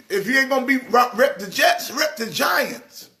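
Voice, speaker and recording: A middle-aged man from New York hosting a casual live stream, talking sports in an animated, teasing way and breaking into preacher-like exhortation. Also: very high voice, normal speed, vocal fry.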